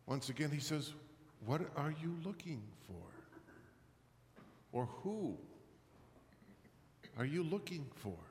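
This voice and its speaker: A man's voice: fairly high pitch, big pitch swings, slow pace, pauses often, darkish tone, a little hiss or hum. A man preaching a sermon, reflective and questioning, with a touch of humor. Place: large echoey church. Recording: roomy hall reverb, somewhat distant.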